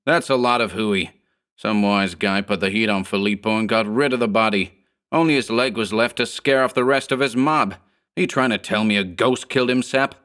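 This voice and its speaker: A man's voice: lowish voice, normal speed, a bit bright, clear, resonant tone, close to an everyday voice. A cocky gang boss as a man plays him snarls in old-time gangster slang. He sounds harsh and scornful throughout. It is a character voice in a horror audiobook. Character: short sallow male 1930s gang boss, scornful, cocky.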